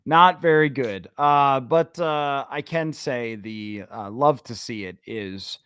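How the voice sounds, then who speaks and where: A man hosts a sports podcast, chatting casually and sometimes ranting with strong opinions, using frequent filler sounds. His mid-range voice is a bit bright and smooth at a slow pace, recorded in clean studio sound with no echo.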